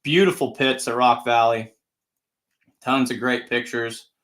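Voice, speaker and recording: A man's voice: medium pitch, fairly even intonation, a little slow, fairly bright tone. Chatty, upbeat male show host. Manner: chatty, rambling, upbeat anecdotes. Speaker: tractor pull announcer and show host. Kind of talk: casual livestream storytelling.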